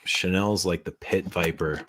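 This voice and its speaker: A man hosts a late-night livestream in a relaxed, drawling chat. His voice sits very low and deep, and he laughs often. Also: unhurried, slight background noise. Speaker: perfume brand owner hosting a livestream.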